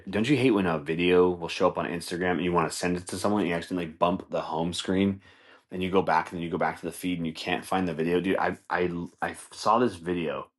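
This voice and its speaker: Male podcast host, very low voice, loose profane comic rambler who acts out bits. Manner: rambling, profane, laughs often, acts out scenes. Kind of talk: casual comedic monologue.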